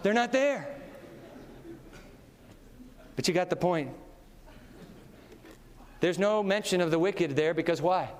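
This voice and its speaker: A male pastor delivers a sermon in an animated, conversational style, often slipping in small laughs. His voice sits high and swings widely in pitch. Long reverb fills the large room around him. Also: takes it slowly, pauses often, slight background noise. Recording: long reverb of a big hall.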